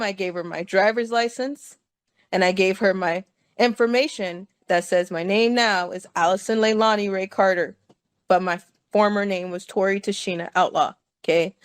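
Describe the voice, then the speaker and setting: A woman's voice: mid-range voice, smooth, no room sound. A woman telling a personal story to her listeners, chatty and laughing often and checking in with them. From California.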